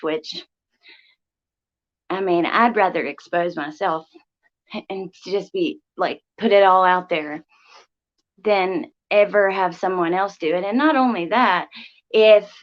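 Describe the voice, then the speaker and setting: A woman's voice: lowish voice, slow, pauses often. Chatty young woman on a dull mic. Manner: chatty, rambling, frequent ums and likes. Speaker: livestream host. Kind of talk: casual livestream chat, reading viewer comments. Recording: slightly dull lo-fi audio.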